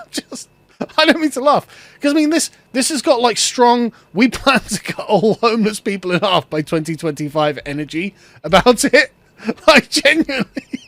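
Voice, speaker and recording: A man's voice: sits high, expressive, moderate pace, fairly bright tone, no echo. A man giving sarcastic solo political commentary, ranting and laughing often as he talks.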